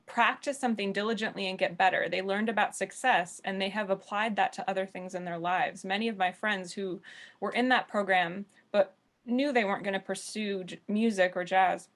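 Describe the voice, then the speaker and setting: A woman's voice: medium pitch, fairly even intonation, normal speed, a bit bright. A woman from the United States, a jazz musician, speaking candidly on an online panel discussion over a video call. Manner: earnest, candid storytelling.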